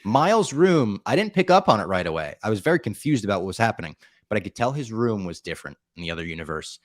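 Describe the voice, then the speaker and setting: Deep-voiced podcast host, dry sound. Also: male voice, quick pace, no echo. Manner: rambling, animated retelling with profanity. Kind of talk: casual movie recap chat.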